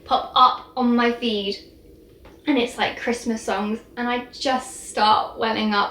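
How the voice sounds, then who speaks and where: A woman's voice: on the high side, steady tone, measured pace, pushed and bright, slight background noise. A young woman, chatting casually and gushingly in a vlog, full of "like" and little laughs. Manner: bubbly, gushing, lots of "like". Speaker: vlogger.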